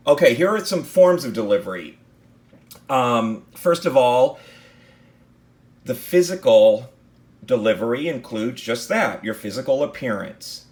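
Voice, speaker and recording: A man teaching a class on speech delivery, talking in a loose, conversational way and asking the listener rhetorical questions. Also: mid-range voice. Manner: conversational, with many fillers and restarts. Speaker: instructor. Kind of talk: recorded lecture on speech delivery.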